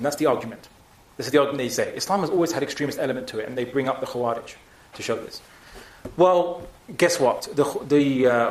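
A man's voice: medium pitch, reverberant. A man giving a public talk and taking audience questions, speaking emphatically with frequent restarts.

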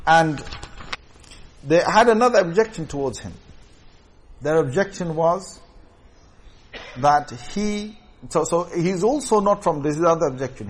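A man's voice: fairly high pitch, breathy edge. A man teaching a scripture commentary lesson in an explanatory way, often checking in with his listeners. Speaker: religious teacher.

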